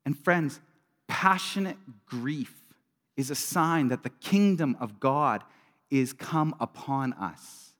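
A man's voice: mid-range voice, slow pace. Earnest preaching man in a reverberant hall. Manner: earnest, conversational preaching with sudden loud bursts and quiet drops. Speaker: pastor. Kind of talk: sermon. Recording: long reverb of a large hall.

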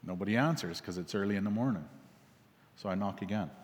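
A man's voice: fairly low pitch, fast talker. A man telling a parable in a casual, repetitive sermon, with many fillers and restarts. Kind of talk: rambling storytelling sermon. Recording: long hall reverb.

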